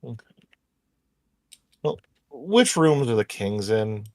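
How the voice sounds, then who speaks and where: A male player in a tabletop game, speaking in a measured, polite way. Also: medium pitch, sing-song, a little hiss or hum.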